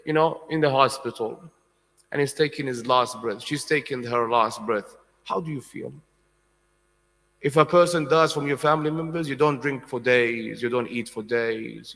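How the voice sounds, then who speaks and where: A man giving an impassioned sermon at a mourning gathering, swinging from soft to loud and putting questions to his audience. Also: mid-range voice. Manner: asks the audience questions directly. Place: large hall with congregation. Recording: long hall reverb.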